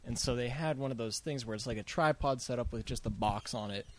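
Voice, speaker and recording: A man's voice: medium pitch, a little fast, slight background noise. A man from Ohio chatting casually as a podcast co-host, telling rambling stories and laughing through them. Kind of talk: casual chat.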